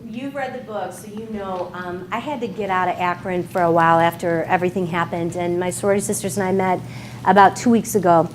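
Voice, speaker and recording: A woman's voice: fairly low pitch, fairly even intonation, brisk. Woman author, Midwest accent, emotional talk to a live bookstore audience, faint background noise. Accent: American Midwest. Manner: emotional, heartfelt, near tears at times. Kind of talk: emotional speech at a book signing. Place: bookstore event room with an audience.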